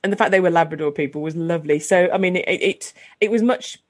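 A woman's voice: lowish voice, quick pace. A woman, hosting a casual chat and often ending her remarks with tag questions. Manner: chatty, asks tag questions.

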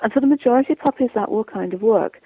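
A woman's voice: fairly high pitch, quick pace, slightly rough, no echo. A woman dog trainer giving advice in an interview, chatty and explanatory, acting out what owners and dogs say. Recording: tinny dry phone line.

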